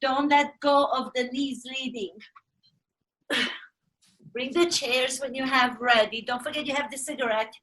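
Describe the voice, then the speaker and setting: A woman with a Romanian accent hosts a podcast as an acting coach, giving energetic directions. Her voice is high and bright. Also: a little slow, long pauses.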